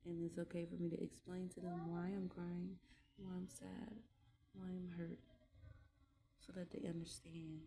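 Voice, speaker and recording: A woman with a low, gravelly voice speaks in a casual vlog about raising her children. Her delivery is earnest and heartfelt, with halting pauses and restarts, and her tone stays fairly flat. A faint hum of room noise sits behind her. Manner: candid and heartfelt. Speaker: mother vlogging about parenting. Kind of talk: casual reflective vlog monologue.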